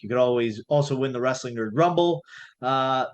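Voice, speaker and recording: A man hosting a casual podcast, pitching and signing off in a hyped, promo-like way. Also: moderate pace, dull audio. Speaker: podcast host.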